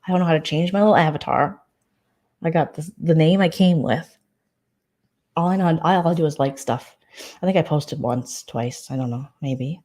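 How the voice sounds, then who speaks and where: A woman vlogger rambles through a casual late-night chat, full of fillers and restarts. Her voice sits a bit low, with a soft, mellow tone. She sounds relaxed and low key. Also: moderate pace.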